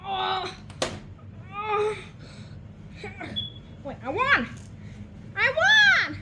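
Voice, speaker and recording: A woman in a puppet comedy skit, shouting frantic, shrieky exclamations, with noise in the recording. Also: very high voice, very animated, takes it slowly, long pauses. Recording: noisy background hiss.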